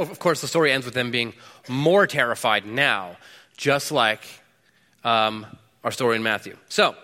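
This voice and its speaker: A man preaching a sermon, swinging between loud bursts and low, hushed stretches. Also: long reverb tail. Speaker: pastor.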